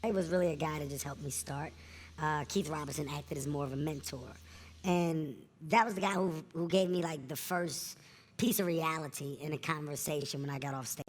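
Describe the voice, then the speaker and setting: A man's voice: on the high side, fairly quick. Earnest, storytelling man on stage. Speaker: comedian guest. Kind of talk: candid storytelling interview. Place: live event before an audience.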